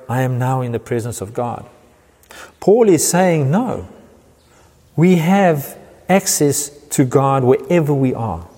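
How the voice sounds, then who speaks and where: A man preaching a sermon in a church, earnest, slowing down and pausing to stress key words. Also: fairly high pitch, mellow, in a large hall. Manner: earnest preaching with slow emphatic pauses. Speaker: pastor.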